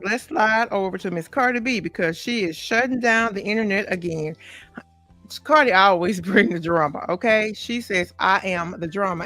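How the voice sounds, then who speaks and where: A woman hosts a celebrity gossip podcast, her medium-pitched voice fairly bright. Chatty and casual, she talks straight to her viewers, sprinkling in many asides and "okay?" tags.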